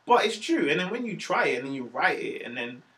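A man tells stories in a relaxed podcast chat, his voice sitting a little high for a man. He slips into other people's voices as he goes, acting out what they said. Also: fairly quick. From Wales. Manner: animated storyteller, acts out quoted voices. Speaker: stand-up comedian, guest. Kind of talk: casual podcast conversation.

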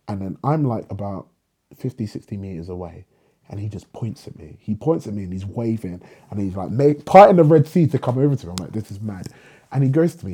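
Young guy, low and dark-toned, husky edge, lively storyteller who acts out the dialogue. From England. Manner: animated storyteller, acts out dialogue, swears freely. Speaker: guest, writer. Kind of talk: casual storytelling in a podcast conversation.

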